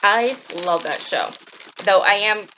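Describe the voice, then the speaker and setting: A woman co-hosting a casual show-and-tell chat, playful and excitable, joking as she goes. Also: mid-range voice, slow pace, noisy background. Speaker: co-host.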